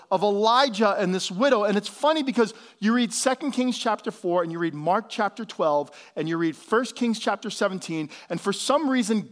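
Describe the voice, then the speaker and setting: High-voiced pastor preaching casually. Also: male voice. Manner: casual preaching, slangy asides. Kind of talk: sermon.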